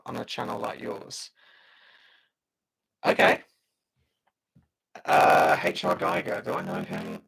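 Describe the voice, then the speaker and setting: Gravelly British man chatting on a livestream. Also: low-pitched, a bit bright. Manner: chatty, with frequent fillers and laughs. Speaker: channel host. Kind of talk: casual livestream chat reading viewer comments.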